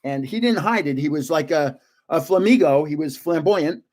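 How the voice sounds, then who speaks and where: An older man casually opening trading cards on a live stream, chatty and excitable, guessing aloud and laughing often. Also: on the high side, normal speed. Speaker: card-opening vlogger.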